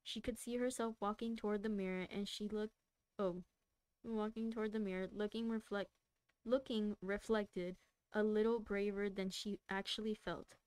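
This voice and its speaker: A woman reads a novel aloud on a livestream in a casual way, tripping over words and starting them again. Her voice is clear and smooth at a middle pitch, picked up dry and close. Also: fairly even intonation, normal speed, a little mellow, dry recording. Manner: stumbles and restarts words, laughs at the text. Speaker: streamer reading a book aloud.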